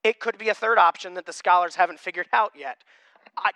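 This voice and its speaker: A male pastor preaching with a high, bright, forceful voice. He is emphatic, moving between loud passages and hushed ones. The sound is dry and close. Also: fairly even intonation, brisk, gravelly, no room sound. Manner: emphatic, swings from loud to quiet. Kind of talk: sermon.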